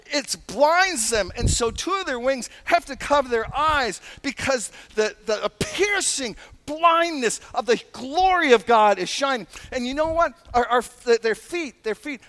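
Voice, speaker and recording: A man preaching a sermon, animated and emphatic, with frequent asides and laughs. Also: very high-pitched. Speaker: pastor.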